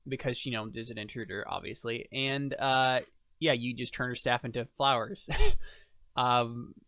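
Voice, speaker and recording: A man's voice: mid-range voice, fairly even intonation, moderate pace, pushed and bright, no echo, studio quality. A man narrating a tabletop game as game master, rambling with many fillers.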